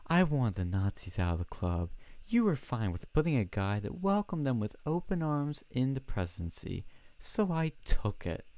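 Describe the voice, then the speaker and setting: A man's voice: mid-range voice, very animated, moderate pace, a little mellow, dry recording, voice pushed up. A man putting on a smug gloating young club president. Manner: smug, taunting.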